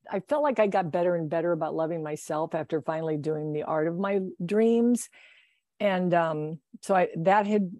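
A woman's voice: fairly low pitch, a little mellow, no echo, clean studio sound. A woman talking in a casual conversation, rambling with many restarts and laughing often. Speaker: guest.

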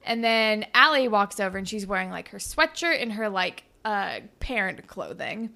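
A woman's voice: mid-range voice, sing-song, gravelly, sharp tone. Chatty woman recapping a show. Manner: chatty recapping with quick acted-out quotes, frequent "like". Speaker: podcast co-host recapping a TV episode. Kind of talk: casual chat.

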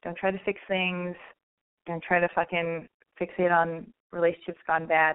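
Her voice sits on the low side with little pitch movement and a clean tone, moving at a moderate pace. She's a radio call-in host chatting casually over a thin, phone-like line, rambling and jokey, blunt and full of swearing.

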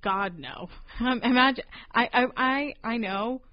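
A woman's voice: a little high, measured pace. A woman co-hosting a podcast, chatting in a silly, playful way with rambling asides. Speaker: podcast co-host. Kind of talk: casual chat. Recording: dull lo-fi podcast recording.

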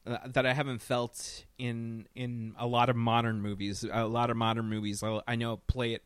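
A man's voice: mid-range voice, little pitch movement, moderate pace, clear, resonant tone, no echo. A man talking casually about a film, rambling and swearing, and often breaking into laughter.

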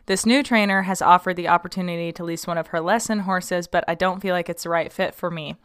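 Chatty woman podcast host, smooth voice. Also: lowish voice, fairly even intonation, fast talker. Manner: chatty, many ums and likes, laughs at herself. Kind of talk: casual podcast, reading a listener question.

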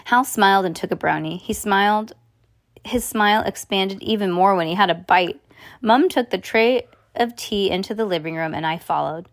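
A woman reading a children's novel aloud in the first person, pausing to explain bits to a listener. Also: medium pitch, no echo, clean studio sound. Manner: expressive, stops to explain to a listener. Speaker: storyteller.

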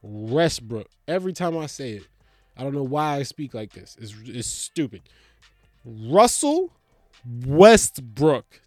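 A man ranting in a profane stand-up comedy style, animated, swinging between mocking voices and loud outbursts. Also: mid-range voice, a little fast, dry recording, faint music behind.

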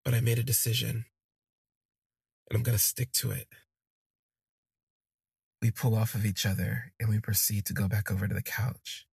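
A man's voice: on the low side, little pitch movement, normal speed, gravelly, long pauses, darkish tone, slightly rough, no room sound. A man casually telling a personal story on his podcast, candid and rambling, with lots of fillers. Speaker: podcast host.

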